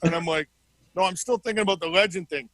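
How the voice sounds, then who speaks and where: A man's voice: high-pitched, quick pace, no echo, low-quality recording. A middle-aged man telling stories casually as an interview guest, acting out the dialogue as he goes. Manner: animated storyteller acting out quoted dialogue. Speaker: interview guest, former hockey player. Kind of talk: casual storytelling.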